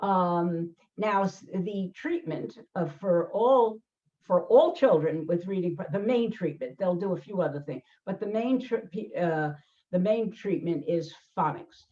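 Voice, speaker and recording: With a fairly low, mellow voice and lively intonation, the older woman hosting this conversation as a learning specialist speaks a little slowly. She stresses her points, performs the voices she quotes, and often restarts or uses fillers. The sound quality is dull and lo-fi.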